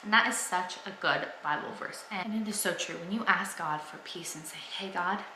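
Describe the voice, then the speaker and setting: A woman's voice: on the low side, moderate pace, pushed and bright, roomy sound, slight background noise, poor audio. A young woman vlogging at home, talking earnestly and enthusiastically about her faith to the camera. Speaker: family vlogger. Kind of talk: casual faith talk to camera.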